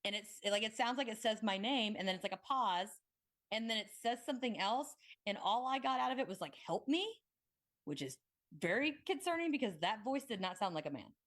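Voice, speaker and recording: Young woman podcast host, casual, excitable, rambling storyteller. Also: medium pitch, a little fast.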